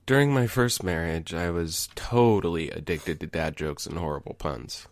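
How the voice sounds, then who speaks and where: A man's voice: deep voice, moderate pace, no echo. A man in a comedy sketch telling an earnest, confessional story to a support group.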